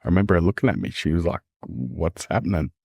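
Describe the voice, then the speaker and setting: Speaking fast in a low, slightly mellow voice, an Australian man talks earnestly and candidly as a podcast guest. He repeats phrases and calls the listener "man" and "mate." The recording is dry and studio quality.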